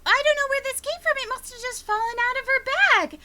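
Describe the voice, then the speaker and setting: A woman's voice: extremely high pitch, fast talker, bright, forceful tone, voice pushed up. A woman voicing a sly young boy pickpocket who plays innocent with a sweet, chirpy voice in a tabletop game.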